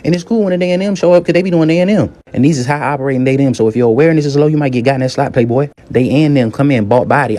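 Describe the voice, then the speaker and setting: Man, storytime comic, fast and slangy, dark mellow tone. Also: medium pitch. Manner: slangy, wry, gossipy. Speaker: hotel worker telling a story. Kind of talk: comedic storytime.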